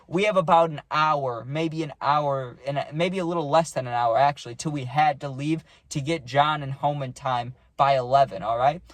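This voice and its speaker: A man's voice: a little high, dry recording. A young man casually telling a rambling party story, full of slang and saying "dude" a lot.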